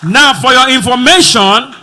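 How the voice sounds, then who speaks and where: A man with a Nigerian accent hosting a live event, loud and joking with the crowd. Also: extremely high pitch, animated, a little slow. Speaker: event host. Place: conference hall with music and crowd.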